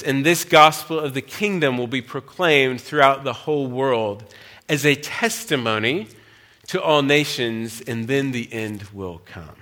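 A man's voice: mid-range voice, pushed and bright. A man preaching as a guest speaker, earnest and challenging, asking his listeners many questions. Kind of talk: sermon.

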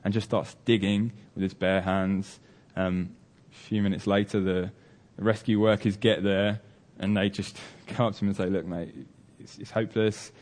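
A man's voice: lowish voice, level tone, moderate pace, a little mellow. A man preaching a sermon, telling a story earnestly with many fillers and restarts.

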